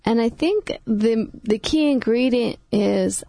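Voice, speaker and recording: Female co-host, heavy vocal fry, mellow and heartfelt. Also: on the high side, takes it slowly, no room sound. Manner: prayerful, heartfelt. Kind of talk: religious talk show chat.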